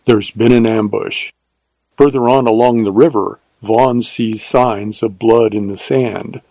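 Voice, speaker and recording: A man narrating a western novel as an audiobook, in a measured, steady way. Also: on the low side, gravelly, dry recording, rough recording.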